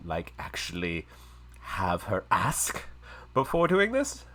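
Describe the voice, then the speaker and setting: A man voicing a courteous, apologetic male humanoid envoy in a live-streamed tabletop game, speaking quietly and in measured phrases. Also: sits low, huge pitch swings, heavily acted. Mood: apologetic, reassuring.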